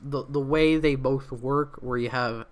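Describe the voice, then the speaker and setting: A young man chats loosely on a solo livestream, circling back on himself with plenty of ums and restarts. His voice sits at an ordinary middle pitch, and a slightly off throat creeps in now and then. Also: steady tone, measured pace. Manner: rambling, many fillers and restarts. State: throat feels off. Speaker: livestream host. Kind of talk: casual livestream commentary.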